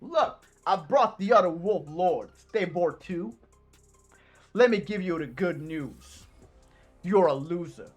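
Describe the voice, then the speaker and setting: A woman's voice: on the low side, animated, slow, soft background music, pitched below the performer's own voice. A woman voicing a brash, bored male penguin boss who talks in a slangy, teasing street drawl. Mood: swaggering.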